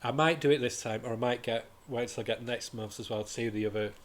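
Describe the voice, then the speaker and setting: A man chats casually through a comic review at a middling pitch. He sounds enthusiastic and rambles, often stopping partway and starting a sentence again. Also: fast, a little hiss or hum. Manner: rambling and enthusiastic, with frequent restarts. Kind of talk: casual chat.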